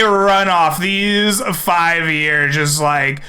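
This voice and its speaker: A man running a tabletop game as game master, narrating in a relaxed, chatty way with many fillers. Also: on the high side, unhurried, some chatter behind. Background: faint background music.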